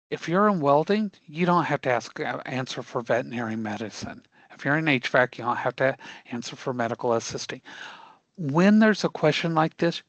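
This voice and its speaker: A man's voice: mid-range voice, a bit bright, no echo. A man from Panama with a Spanish accent explains course rules to a live online class. He repeats himself and keeps checking in with "okay?" The recording is dry and close, with little room sound. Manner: repetitive, checks in with frequent "okay?". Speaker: instructor.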